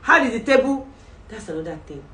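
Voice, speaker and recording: Lively woman giving a faith talk. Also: a little high, a little fast, a little hiss or hum. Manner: animated storytelling with acted voices and asides. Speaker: podcast host. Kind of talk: faith-based motivational talk. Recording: roomy sound from a distant mic.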